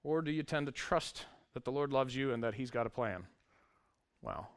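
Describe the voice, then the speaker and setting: A man's voice: mid-range voice, lively intonation, moderate pace. A male pastor preaching a sermon, reading scripture aloud with wry, conversational asides to the congregation.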